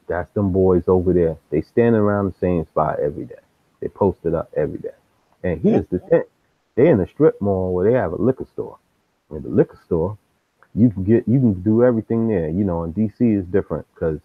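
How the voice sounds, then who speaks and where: A man's voice: low voice, breathy edge. A man hosting a live stream who tells street stories in loose slang, jumping into the voices of the people in them. The sound is thin and phone-like. It is dry, with no room echo. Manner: streetwise slang, animated acting out of quotes. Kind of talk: casual storytelling.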